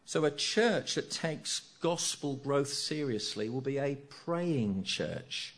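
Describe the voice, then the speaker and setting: A middle-aged man preaching a sermon, earnest, repeating key phrases and asking rhetorical tag questions. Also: mid-range voice.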